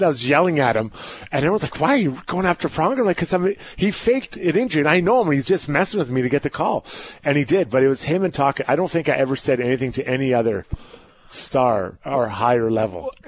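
Animated storytelling middle-aged man. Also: mid-range voice. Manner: animated, laughing storyteller who acts out quotes. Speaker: podcast co-host, former hockey player. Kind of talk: casual storytelling chat.

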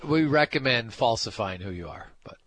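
A man's voice: medium pitch, crowd noise. A man hosting a sports radio show, chatting casually and animatedly, often stopping to correct himself. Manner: animated, self-correcting, quick asides.

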